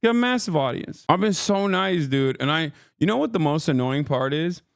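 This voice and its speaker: Brief: male streamer, furious profane rant, voice sits a bit high, dry close sound. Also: lively intonation, fairly quick, gravelly, clear, resonant tone, no room sound. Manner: angry, profane, mocking. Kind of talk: heated reaction rant.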